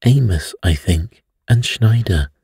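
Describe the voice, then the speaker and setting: A man's voice: fairly low pitch, expressive, slow, creaky, dark tone, husky, no echo, studio quality, heavily acted. A man voicing a lean young secretary who recounts events plainly. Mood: matter-of-fact. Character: lean young male secretary, matter-of-fact.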